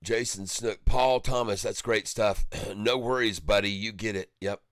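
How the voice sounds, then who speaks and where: A man's voice: fairly low pitch, steady tone, a little slow, dry recording, clean studio sound. A man hosting a casual livestream, chatting jovially with viewers and reading their comments aloud, laughing often. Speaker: stock market livestream host.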